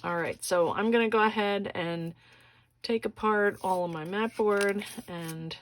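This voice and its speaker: A woman's voice: medium pitch, unhurried. A woman hosting a casual crafting tutorial, walking through each step in a chatty way and often checking in with "okay?".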